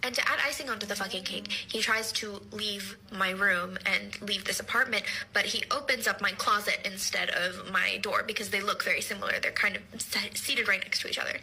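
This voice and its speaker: A young woman telling a rambling, deadpan comic story from her own life. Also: mid-range voice, a little fast, vocal fry, few pauses, a little hiss or hum, low-quality recording. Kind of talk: storytime vlog.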